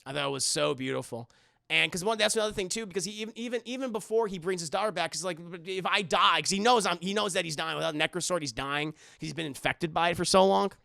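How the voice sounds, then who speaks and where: A young adult man reviewing a film for a live stream chat, animated and rambling, swearing often. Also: high-pitched, quick pace, gravelly, no room sound, clean studio sound.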